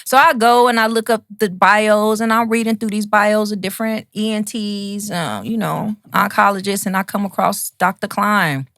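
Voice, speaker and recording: A woman, a singer and radio host, telling an animated story as a podcast guest. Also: medium pitch, normal speed, hardly any pauses, dry recording, studio quality. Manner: animated, acts out quoted voices. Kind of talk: casual storytelling chat.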